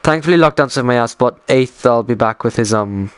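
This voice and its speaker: A man's voice: mid-range voice, a little fast, clean tone. A young Irish man chatting casually on a live stream, rambling, swearing freely and getting worked up as he talks.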